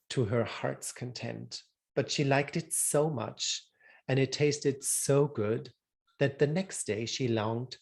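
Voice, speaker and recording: A man telling a fairy tale aloud as a storyteller, in a measured, deliberate reading. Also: mid-range voice, gravelly.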